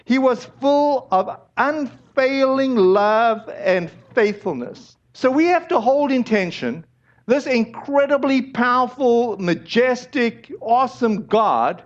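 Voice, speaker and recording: High-voiced male pastor preaching. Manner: conversational, hesitant with restarts and fillers. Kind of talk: sermon. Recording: dull lo-fi recording.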